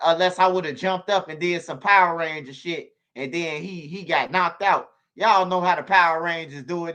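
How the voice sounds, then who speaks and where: A man hosting a stream, telling stories in a slangy, animated way and repeating himself. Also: fairly high pitch. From Chicago. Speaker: channel host on a livestream. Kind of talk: casual storytelling to viewers.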